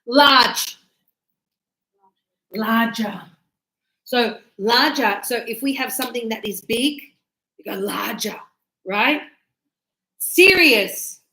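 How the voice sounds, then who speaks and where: A woman with a fairly high voice teaches a grammar class, speaking very slowly and drawing out each example word. She keeps checking whether her students follow. The sound is roomy, with a clear echo. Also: pushed and bright. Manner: encouraging, checks understanding with tag questions; slow, drawn-out words for teaching. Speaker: English teacher.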